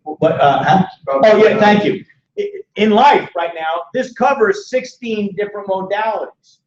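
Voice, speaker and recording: A man in his sixties giving a joking, animated financial sales seminar, firing questions at a small audience. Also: high-pitched, measured pace. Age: 60s. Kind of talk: lively sales seminar talk. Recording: echoey dull room sound from far off.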